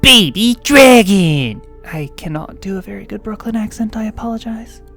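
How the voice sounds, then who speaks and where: Woman, story narrator, expressive, playful asides, mid pitch, faint music behind. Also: quick pace, vocal fry, breathy edge. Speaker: host and narrator. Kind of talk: reading online role-playing stories.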